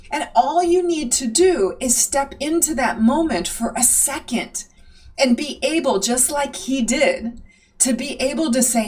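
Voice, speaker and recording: A woman with a fairly high voice teaches a coaching technique. she calmly poses reflective questions and guides students toward a worksheet. she sounds set back from the microphone. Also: measured pace. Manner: calm, asks reflective questions. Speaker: NLP trainer. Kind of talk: instructional teaching. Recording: voice from a distance off the mic.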